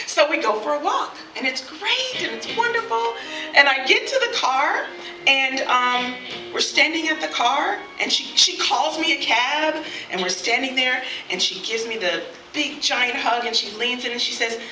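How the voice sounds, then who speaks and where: A woman performing a personal story live on stage, animated and quick to laugh, acting out the voices of others. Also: sits high, soft background music. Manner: animated, laughs often, acts out quoted voices. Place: studio event space with audience. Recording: echoey room, voice from a distance.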